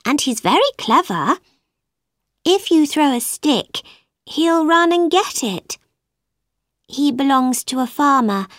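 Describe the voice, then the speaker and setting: A woman's voice: sits high, very animated, takes it slowly, long pauses, a bit bright, no room sound, studio quality, voice pushed up, heavily acted. A woman voicing a polite, curious young girl in a storybook reading, who chatters on and keeps apologising. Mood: apologetic.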